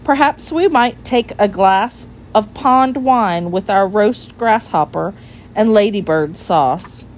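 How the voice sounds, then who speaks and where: A woman voicing a fussy, genteel male frog gentleman who talks in a prim, cross manner. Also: medium pitch, takes it slowly, slight background noise, lightly acted.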